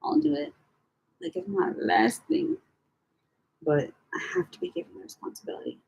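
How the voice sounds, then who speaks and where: A young woman chatting casually to camera as she sorts through her files, rambling and swearing with slangy, animated talk. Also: sits high, normal speed, vocal fry, rough recording. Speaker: vlogger.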